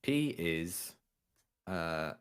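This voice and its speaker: Man with an extremely low voice, co-host explaining things tentatively in casual chat. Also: animated, drawn-out words, clear, resonant tone. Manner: tentative, admits uncertainty openly.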